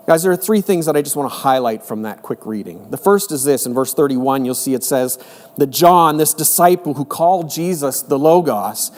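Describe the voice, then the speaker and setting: Pastor, male, middle-aged, earnest chatty sermon, somewhat high voice, echoey church hall. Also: normal speed, a little mellow. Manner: earnest, conversational preaching with repeated emphasis. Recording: echoey hall with long reverb.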